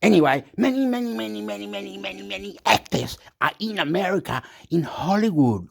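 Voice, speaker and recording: Aussie guy ranting and swearing, goes from mumbly to yelling, highish voice. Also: lively intonation, a little fast, creaky, few pauses. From Australia. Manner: swings between muttering and shouting, swears a lot. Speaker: vlogger reacting to clips. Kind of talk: rambling rant.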